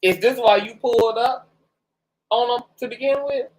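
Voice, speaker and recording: A woman hosting a gossip commentary channel, talking in a sassy, mocking way with laughs and drawn-out asides. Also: fairly high pitch, steady tone, a little mellow. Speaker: commentary host.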